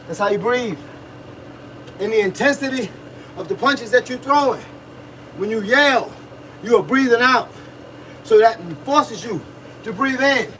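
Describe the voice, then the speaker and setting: Man, boxing coach, high voice, preachy and repetitive, livestream, distant mic. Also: bright, forceful tone, slight background noise. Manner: preachy, repetitive, talks to viewers, grunts while punching a bag.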